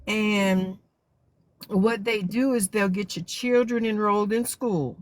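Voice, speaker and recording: Woman, South Louisiana accent, teacher caller, calm explaining, dry sound. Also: mid-range voice, slow pace, no echo. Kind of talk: explanatory call-in.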